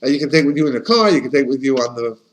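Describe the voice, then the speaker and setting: Talking very fast at a medium pitch with lively intonation, a rabbi leads an informal lesson full of anecdotes. He frequently starts his sentences over and drops in Yiddish and Hebrew words, and the recording is rough.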